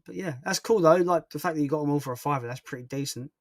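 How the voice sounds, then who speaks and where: A man's voice: fairly high pitch, quick pace, dry recording, clean studio sound. A young man hosting a casual livestream and chatting through viewer comments in a rambling, self-deprecating way. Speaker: livestream host.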